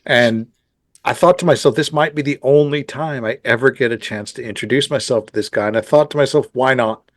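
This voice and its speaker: A man's voice: medium pitch, brisk. A man hosting a podcast interview, telling stories in a rambling, chatty way with many restarts and asides. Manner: rambling, self-correcting storyteller. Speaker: podcast host. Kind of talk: casual interview chat.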